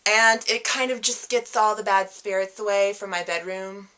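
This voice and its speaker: A woman's voice: medium pitch, normal speed, echoey room, background noise, close to an everyday voice. A woman playing an indignant young actress who rants in a projecting, over-enunciated, dramatic way. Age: young adult. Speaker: comic video diarist. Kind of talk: scripted comedy character monologue.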